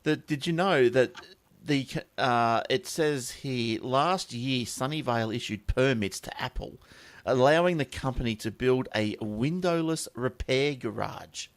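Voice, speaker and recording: A man's voice: medium pitch, unhurried. An Australian man hosting a casual tech podcast, jokey and steering the conversation. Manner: lively, jokey, steers the talk. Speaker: podcast host.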